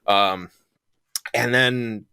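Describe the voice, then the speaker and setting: A man's voice: medium pitch, steady tone, very slow, gravelly, sharp tone, smooth, dry recording, clean studio sound. A man co-hosting a casual podcast, joking and swearing casually. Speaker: podcast co-host.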